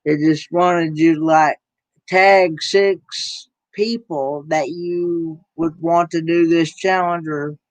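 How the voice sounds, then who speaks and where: A man with a Southern accent chatting casually as host, often halting and restarting his sentences. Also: on the high side, flat delivery, no echo. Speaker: YouTube channel host. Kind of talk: casual chat.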